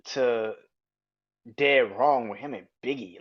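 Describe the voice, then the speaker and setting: Excitable young man ranting about rap. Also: medium pitch, normal speed, lo-fi sound. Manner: excitable, swears freely, lots of "like" fillers. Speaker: podcast host. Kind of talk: casual monologue about music.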